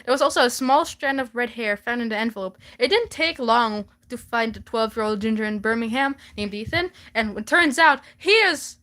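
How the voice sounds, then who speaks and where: A woman's voice: on the high side, expressive, moderate pace, few pauses, fairly bright tone. A young woman casually reading her old fanfiction aloud for laughs, giggling and stumbling over the words.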